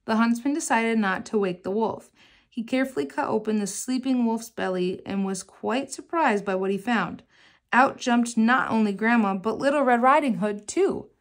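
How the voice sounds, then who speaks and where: A woman's voice: on the high side, moderate pace. Woman reading a children's story aloud. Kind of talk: children's book read-aloud.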